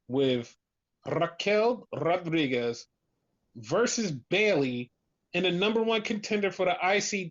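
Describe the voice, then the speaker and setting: A man in casual chat, rambling with lots of "like", swearing, and acting out what others would say. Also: a little high. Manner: rambling, profane, heavy on "like", acts out quotes. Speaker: podcast co-host. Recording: dull lo-fi recording.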